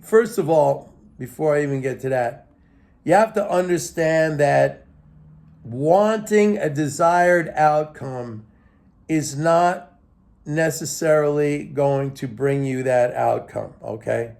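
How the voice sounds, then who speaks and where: Slow, gravelly-voiced man musing aloud. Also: fairly high pitch, a little mellow. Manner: rambling, repeats himself, many "like"s and "okay?". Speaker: market commentator. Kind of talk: casual monologue.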